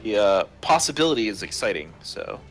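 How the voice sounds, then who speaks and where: A man acting as game master, narrating a tabletop game in an easygoing, unhurried way on a live stream. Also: fairly low pitch, very animated, fairly bright tone, faint music behind.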